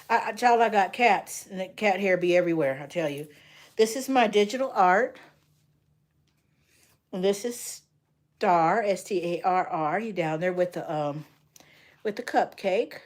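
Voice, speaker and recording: Chatting informally on her livestream, an older grandmother and art instructor speaks with a fairly low pitch. She talks to viewers by name and shares stories with spirited energy.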